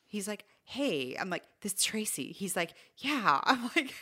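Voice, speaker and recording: Animated woman telling a story. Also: medium pitch, unhurried, husky. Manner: animated, acts out quoted dialogue. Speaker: podcast co-host. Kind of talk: casual storytelling chat.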